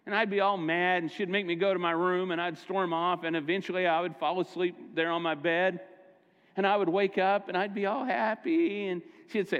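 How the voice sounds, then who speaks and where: Middle-aged man, pastor, high voice, chatty storytelling sermon, long church reverb, muffled sound. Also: fairly even intonation, moderate pace, fairly bright tone. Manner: conversational storytelling preacher, self-correcting. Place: church sanctuary.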